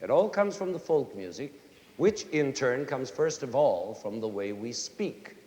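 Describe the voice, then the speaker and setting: A middle-aged man giving a lively lecture on music to a young audience, now and then singing short folk tunes to make his point. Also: medium pitch, measured pace. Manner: animated, sings and hums short folk tunes to demonstrate. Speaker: conductor and music educator. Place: large concert hall with audience. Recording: roomy concert hall reverb, faint hiss.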